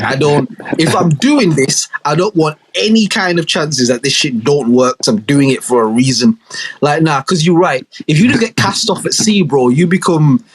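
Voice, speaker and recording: Husky young man bantering. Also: a little high. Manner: animated, slang-heavy banter with frequent swearing. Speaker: podcast co-host. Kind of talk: casual chat.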